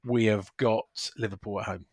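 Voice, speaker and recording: A man's voice: on the low side, fairly even intonation, normal speed, slightly rough, dry recording, studio quality. A man hosting a casual football podcast, chatty, running through fixtures and scores. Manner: chatty, reads fixtures and scores, laughs often. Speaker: podcast host.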